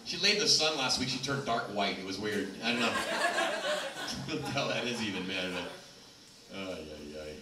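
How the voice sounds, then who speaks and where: A Los Angeles man with a lowish, lively voice at normal speed does a loose, rambling stand-up set, working the crowd at a small comedy venue. The audio is noisy and echoey, captured from far away.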